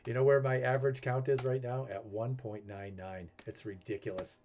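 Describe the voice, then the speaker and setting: A man's voice: mid-range voice, level tone, moderate pace, a little mellow, highs cut off, slight background noise. A man with a New England accent chatting casually while streaming a game, thinking aloud and poking fun at himself. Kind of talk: casual gameplay commentary. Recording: music playing behind.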